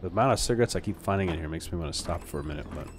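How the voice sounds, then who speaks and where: Low-voiced man chatting over gameplay. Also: lively intonation, rapid-fire, noisy background. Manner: chatty, self-deprecating, talks to himself. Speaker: let's play host. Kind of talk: casual gameplay commentary.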